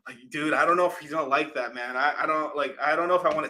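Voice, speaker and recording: A man hosting a casual vlog, telling an animated, profane story with lots of laughing asides. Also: on the high side, quick pace, few pauses. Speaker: crypto channel host.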